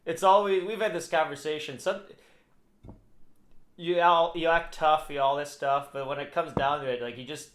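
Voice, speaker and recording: A man's voice: a little high, moderate pace, slight background noise. A man co-hosting a podcast, chatting casually and rambling with frequent restarts. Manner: rambling, restarts often, animated when laughing. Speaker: podcast co-host. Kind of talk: casual chat. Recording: echoey room.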